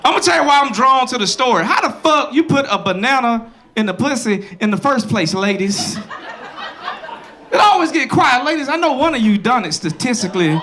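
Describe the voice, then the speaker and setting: A man performing a loud, crude stand-up comedy set on a club stage, animated and silly, with a laughing crowd behind him. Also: very high-pitched, fairly quick. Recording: live club with crowd noise.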